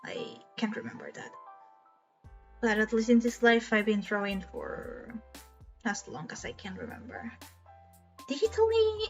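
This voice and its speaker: A woman chatting casually while streaming, self-deprecating and rambling. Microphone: cheap desk mic. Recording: dull low-quality mic with faint music. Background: faint background music.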